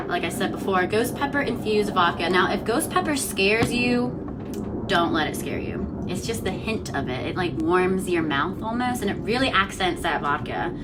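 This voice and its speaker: A woman's voice: mid-range voice, lively intonation, unhurried, very noisy. Chatty, giggly young woman. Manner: chatty and giggly, often trailing off with fillers. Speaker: host of a news and cocktail vlog. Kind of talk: casual chat while mixing a drink.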